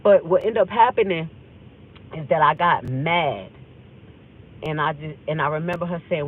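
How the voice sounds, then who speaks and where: A woman's voice: low voice, moderate pace, long pauses, a little hiss or hum. A woman host telling an emotional personal story on a livestream, rambling and acting out the conversations she remembers. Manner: intense, rambling, acts out remembered dialogue. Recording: tinny phone-like audio.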